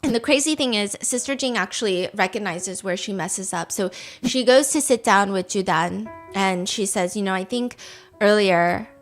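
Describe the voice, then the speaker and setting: A woman hosting a podcast, recapping reality TV drama in a casual, animated way, acting out what people said and often saying "like". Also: medium pitch, moderate pace, hardly any pauses, soft background music. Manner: animated, acts out quotes, frequent "like" fillers. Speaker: podcast host. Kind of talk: casual storytelling chat.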